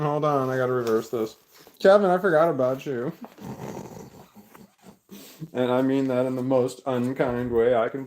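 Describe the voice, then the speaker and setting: A mid-range-voiced YouTuber talks casually with his live chat from a room at home, rambling and cracking self-deprecating jokes. He holds the phone at arm's length, and a dog barks in the home audio.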